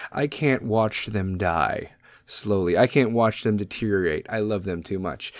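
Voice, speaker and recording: A man's voice: lowish voice, a little slow, no echo, clean studio sound. A man in his thirties hosting a podcast from home, talking casually, bluntly and with emotion, swearing freely. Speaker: podcast host. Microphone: podcast microphone.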